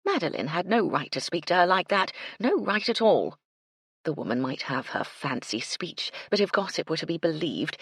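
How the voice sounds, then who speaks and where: A woman narrating a mystery audiobook in an expressive storytelling manner, on a close mic. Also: deep voice, breathy edge, no room sound. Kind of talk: scripted narration.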